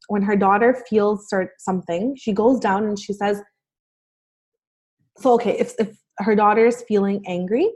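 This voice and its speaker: A woman's voice: mid-range voice, a little mellow. A young adult woman, a life coach, talking as a guest in a casual podcast conversation, earnest and encouraging, with many fillers.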